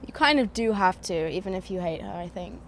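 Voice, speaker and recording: Lively teasing British woman. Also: fairly low pitch, a little fast, slight background noise. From United Kingdom. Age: 20s. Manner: teasing, laughs often, swears. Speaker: podcast guest. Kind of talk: casual chat.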